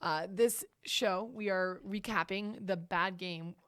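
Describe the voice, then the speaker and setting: A woman's voice: on the low side, steady tone, slow pace, a bit bright. A woman co-hosting a casual gaming podcast, chatty and playful, laughing easily. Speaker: podcast co-host. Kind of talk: casual chat.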